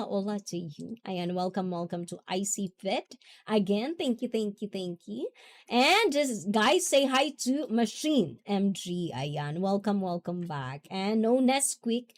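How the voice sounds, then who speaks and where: A giggly woman hosts a relaxed livestream chat, taking her time between words. Her speech is unhurried and drawn out, with frequent laughter as she reads viewer comments. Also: mid-range voice. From half Japanese, half Filipina. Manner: giggly, chatty, often laughing. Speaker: livestream host.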